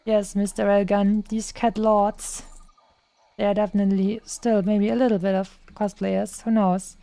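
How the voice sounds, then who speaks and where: A woman's voice: mid-range voice, level tone, unhurried, gravelly, dark tone. A young woman streaming a game, chatting casually and playfully, tossing in silly sound effects. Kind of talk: casual gaming chat.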